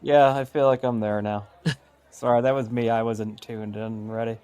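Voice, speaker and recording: A man's voice: mid-range voice, level tone, normal speed, dark tone, clear, resonant tone. A man co-hosting a casual podcast book discussion, chiming in with brief dry reactions. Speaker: podcast co-host. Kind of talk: casual chat.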